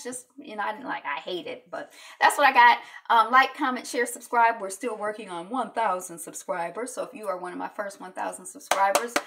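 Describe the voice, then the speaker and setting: A woman's voice: mid-range voice, normal speed, few pauses, fairly bright tone, recorded from a distance, a little hiss or hum. A woman chatting casually as she recaps a reality show episode for her channel, full of fillers and acted-out quotes.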